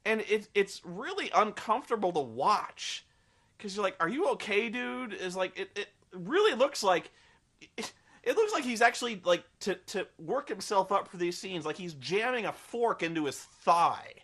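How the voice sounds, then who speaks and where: Bright-voiced, sarcastic male film reviewer. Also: sits high, very animated, normal speed. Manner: rambling, sarcastic and profane, with many fillers. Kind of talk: casual spoken film review.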